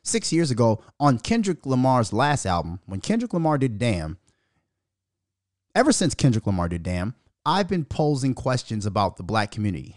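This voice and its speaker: A man's voice: medium pitch, sing-song, normal speed, dry recording, studio quality. A man hosting a podcast, ranting in a profane monologue and mocking the voices of others. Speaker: podcast host.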